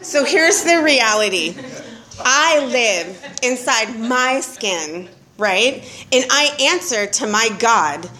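A middle-aged woman speaking at a recovery meeting, telling her story candidly and profanely, with animated retellings and bursts of laughter. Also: on the high side, takes it slowly.

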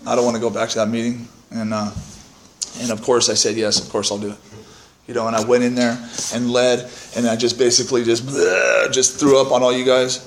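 A man's voice: medium pitch, level tone, moderate pace, roomy sound, a little hiss or hum. A man telling his own story to a recovery meeting from the podium, candid and self-mocking, swearing freely and often tagging "right?" onto his points. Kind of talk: personal testimony to a meeting. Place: meeting room. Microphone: podium microphone.

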